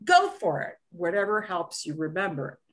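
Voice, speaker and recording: A woman teaching a beginner Spanish lesson, slowing down to stress words and checking in with "okay?" often. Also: fairly low pitch, big pitch swings.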